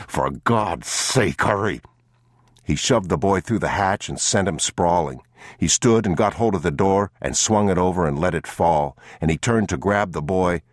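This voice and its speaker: A man narrating an audiobook in a grave, measured, somber manner. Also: deep voice, no room sound, clean studio sound. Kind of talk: scripted narration.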